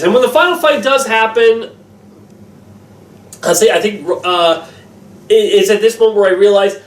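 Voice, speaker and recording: Animated rambling man reviewing a film. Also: very high-pitched, recorded from a distance. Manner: animated and rambling, with many fillers. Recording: roomy room, voice off-mic.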